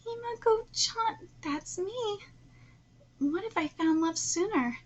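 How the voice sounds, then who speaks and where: A young female villain speaks in a soft, confessional tone, as a woman reads her lines aloud. The voice sits high and the reading stays plain and slightly hesitant. The audio is dull and lo-fi. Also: lively intonation, slow, heavily acted. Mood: subdued. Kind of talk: reading manga dialogue aloud.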